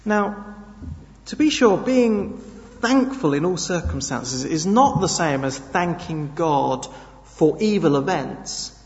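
Guy giving a sermon, slow and emphatic, kinda muffled lo-fi sound. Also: on the high side, animated, a little mellow, big-room sound. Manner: earnest, emphatic, slow with sudden stresses. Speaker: preacher.

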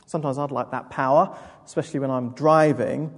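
A woman's voice: a bass voice, fairly quick. A woman preacher giving a sermon in a church, telling the story vividly and addressing listeners directly. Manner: vivid, expressive storytelling with asides. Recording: echoey hall with long reverb.

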